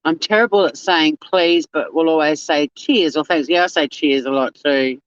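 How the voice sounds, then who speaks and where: A livestream host chats casually with viewers and reads chat, swearing freely and laughing often, in a mid-range, smooth voice at normal speed. There's no room sound, and the recording is dull, lo-fi and dry.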